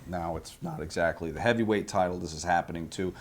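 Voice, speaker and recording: A man's voice: deep voice, fast talker, soft background music. A man interviewing a guest, asking probing questions with a joking edge.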